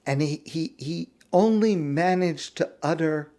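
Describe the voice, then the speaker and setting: A man, a rabbi, telling a story in a sermon, slow and hushed with dramatic pauses. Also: fairly high pitch.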